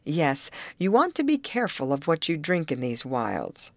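A gruff middle-aged male overseer gives plain, matter-of-fact warnings, read by a woman. The voice sits low and swings widely in pitch, recorded dry and close for an audiobook. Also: huge pitch swings, moderate pace, dry recording, full character voice. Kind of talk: audiobook character reading.

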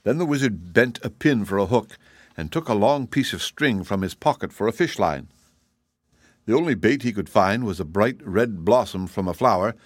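Male narrator, steady storybook reading, dry close sound. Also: fairly low pitch, no room sound. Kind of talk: audiobook narration.

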